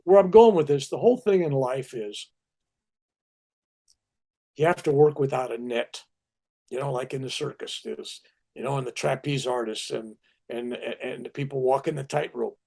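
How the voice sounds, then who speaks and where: An older man, a spiritual teacher, telling anecdotes in a relaxed conversation and acting out the quotes he tells. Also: mid-range voice, normal speed, vocal fry. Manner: animated anecdotes with acted-out quotes. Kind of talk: storytelling in conversation.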